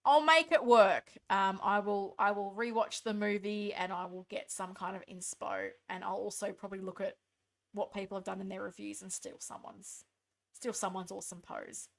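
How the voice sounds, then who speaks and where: A woman's voice: medium pitch, steady tone, moderate pace, gravelly. An Australian woman hosting a casual live stream late at night, tired, reading viewer comments aloud and answering them in a chatty, thankful way.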